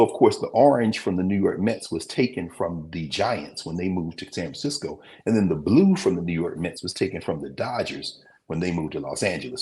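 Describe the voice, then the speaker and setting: Man with a really low voice lecturing, chatty, keeps going off on tangents. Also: darkish tone. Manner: conversational, digressive, with mid-sentence recall pauses. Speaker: teacher hosting a class show. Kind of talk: lecture, talking to viewers.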